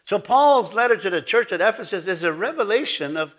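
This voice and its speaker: Male pastor, slightly high voice, preaching in a rambling, anecdotal style with frequent restarts. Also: expressive, fairly quick, a bit bright. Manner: rambling storytelling with restarts and laughs. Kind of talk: sermon.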